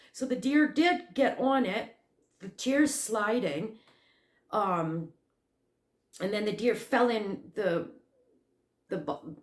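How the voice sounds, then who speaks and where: A woman hosting a crochet channel, telling a story in a rambling, animated way with lots of fillers and restarts. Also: medium pitch. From Canada. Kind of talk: casual storytelling vlog. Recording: echoey room.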